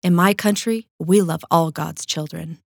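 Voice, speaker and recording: A woman voicing a warm, gentle young mother from Africa, her voice low and soft. The delivery is calm and close, with a dry sound. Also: unhurried, gravelly, no room sound.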